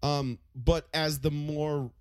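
A man co-hosting a casual podcast, talking fast and loose, swearing often and acting out other people's angry words. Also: fairly high pitch, clear, resonant tone, no room sound. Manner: animated, swears a lot, acts out angry quotes. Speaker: podcast co-host. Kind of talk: casual profane chat.

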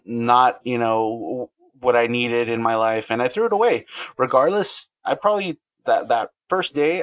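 A man's voice: mid-range voice, no room sound. A man speaking as a podcast guest, candid and earnest, often restarting his sentences. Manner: earnest, halting, with frequent restarts. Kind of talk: candid interview talk.

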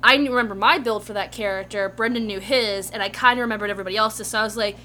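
A woman's voice: mid-range voice, rapid-fire, few pauses, sharp tone, slight background noise. A woman who was a player in the campaign, co-hosting a podcast in casual chat and recapping events in a matter-of-fact, wry way.

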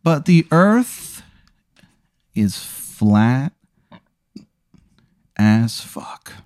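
A man's voice: medium pitch, extremely slow, no room sound, studio quality. A man hosting a podcast, rambling through an improvised comedy bit and slipping into goofy voices. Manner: animated rambling storyteller with goofy put-on voices. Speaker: podcast host.

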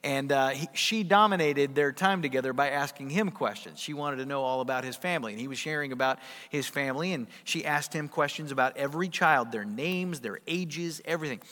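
A man's voice: medium pitch, a little fast, few pauses. Emphatic male pastor in an echoing hall. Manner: emphatic, rhetorical questions, big swings in loudness. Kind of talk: sermon.

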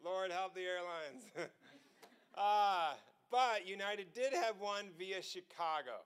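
High, smooth-voiced man preaching. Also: slow pace. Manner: storytelling, laughs often, excitable. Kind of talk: testimony sermon.

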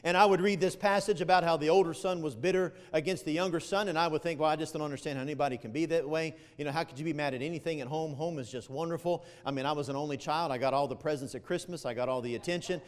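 A middle-aged man preaching a sermon, telling stories animatedly and swinging from loud emphatic peaks to low quiet asides. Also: fast talker, hardly any pauses, long reverb tail. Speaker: pastor.

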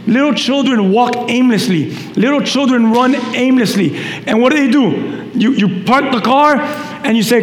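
A male pastor preaching a sermon, animated, with shouted peaks and quick asides to the congregation. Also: very high-pitched. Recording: echoey hall reverb, faint noise.

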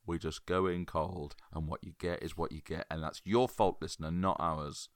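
Very deep-voiced man, eager. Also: fairly even intonation, no echo, studio quality. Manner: enthusiastic, halting with repeated starts. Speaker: podcast co-host. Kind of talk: casual chat.

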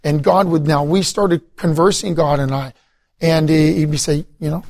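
A middle-aged man with a fairly high voice recounts his past in a loose, meandering way. He often stops to restart his sentences and fills pauses with ums and uhs. The sound is dry and close. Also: steady tone, vocal fry, darkish tone, dry recording. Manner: rambling storytelling with many fillers and restarts. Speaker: guest. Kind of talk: conversational testimony interview.

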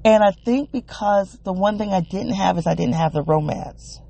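A woman hosting a solo wellness podcast, thinking aloud in a halting, searching, emotionally open way. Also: medium pitch, gravelly, dark tone, breathy edge. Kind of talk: reflective solo podcast monologue.

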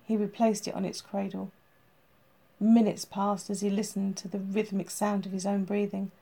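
A woman reading an audiobook, in measured, dramatic storytelling. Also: medium pitch, gravelly, warm tone. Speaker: narrator. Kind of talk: scripted audiobook narration.

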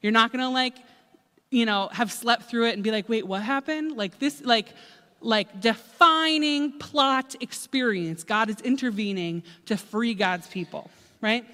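A woman preacher retelling scripture as a casual, animated sermon, chatty and full of asides. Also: on the high side, measured pace. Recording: echoey hall.

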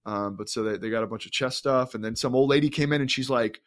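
A man's voice: mid-range voice, fast, hardly any pauses. A man co-hosting a podcast, telling an enthusiastic, rambling story in casual chat, full of fillers and restarts. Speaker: podcast co-host.

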